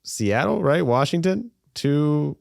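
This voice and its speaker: A man's voice: a little high, animated, takes it slowly, creaky, darkish tone, no room sound, clean studio sound. A man co-hosting a sports podcast, joking around and rambling in casual chat, swearing freely. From United States. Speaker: podcast co-host.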